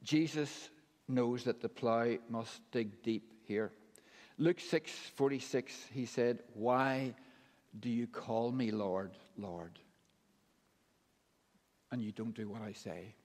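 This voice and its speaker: A man preaching a sermon in a measured, emphatic way, with deliberate pauses between phrases. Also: medium pitch, a little mellow. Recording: long hall reverb.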